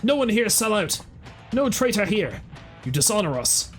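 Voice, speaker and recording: A man's voice: high voice, sing-song, normal speed, a bit bright, faint music behind, voice pushed up. A man doing a clipped, threatening gangster. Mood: menacing. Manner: clipped broken English, blunt threats.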